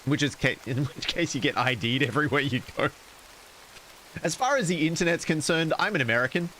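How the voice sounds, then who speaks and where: A man's voice: a little high, expressive, fairly quick, a bit bright, slight background noise, low-quality recording. A man streaming, casually reading a horror story aloud and cracking jokes to chat. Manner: casual, wisecracking asides to chat.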